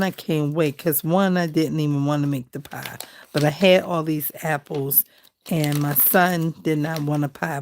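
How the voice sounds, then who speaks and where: Low gravelly chatty woman crafting. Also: darkish tone, slight background noise. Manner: chatty, rambling, talks to viewers as girl and y'all. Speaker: crafting vlogger. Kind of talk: casual chat while crafting.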